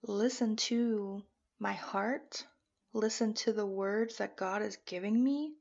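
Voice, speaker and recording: A woman's voice: medium pitch, slow pace, creaky, a little mellow, lo-fi sound. A woman talking earnestly and chattily about her faith, with lots of "you know" fillers. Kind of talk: personal faith talk to camera.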